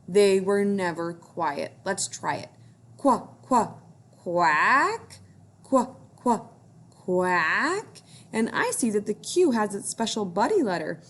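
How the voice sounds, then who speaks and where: A woman teacher reading a picture book aloud to young children, encouraging them to join in. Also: mid-range voice.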